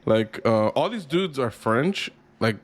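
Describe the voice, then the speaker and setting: A man's voice: mid-range voice, animated, slow pace. A man co-hosting a gaming podcast, rambling in casual chat with lots of swearing and restarts. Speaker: podcast co-host.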